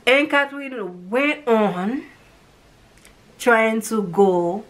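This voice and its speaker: A woman from Haiti talks casually about a film that moved her. Her voice sits at an ordinary middle pitch. She rambles and gets emotional as she acts out the characters' lines. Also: takes it slowly, a bit bright. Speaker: movie reviewer.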